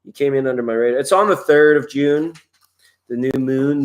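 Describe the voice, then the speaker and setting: A man's voice: medium pitch, normal speed. A middle-aged man hosting a live tarot stream, talking in a loose, playful, rambling way with jokes along the way. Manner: loose and playful, drifts into jokes and snatches of song.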